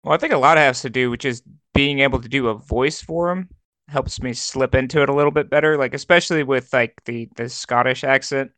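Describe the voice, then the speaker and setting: A man in a casual podcast chat, giving thoughtful, measured explanations. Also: medium pitch, fairly bright tone, dry recording. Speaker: podcast co-host.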